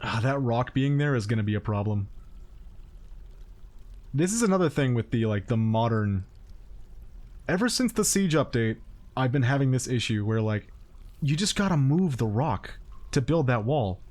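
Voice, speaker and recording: A man giving casual, wry commentary while he streams a colony game, scolding his characters out loud. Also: very animated, moderate pace, pauses often. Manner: wry, talks to his game characters, swings into high-pitched exasperated yelps.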